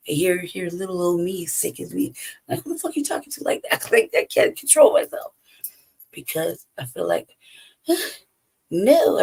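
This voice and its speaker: A woman in casual chat, animated, laughing often and swearing freely. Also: medium pitch, vocal fry, husky.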